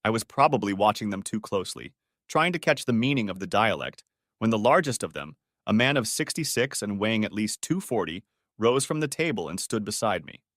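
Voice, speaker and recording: A man reading a first-person story audiobook as narrator, with steady storytelling. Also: on the low side, dry recording, studio quality.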